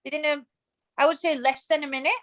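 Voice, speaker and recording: A woman's voice: high voice, little pitch movement, fast, a bit bright, rough recording. A woman in her thirties, a podcast guest, talking in a passionate, emphatic way in a casual interview. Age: 30s. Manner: emphatic and passionate, acts out quoted thoughts.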